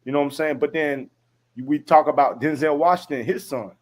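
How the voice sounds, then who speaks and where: A man's voice: on the high side, brisk. A man talking on a casual panel, thinking aloud with lots of "you know what I mean.". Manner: conversational, many fillers, asks the others. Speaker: panel guest.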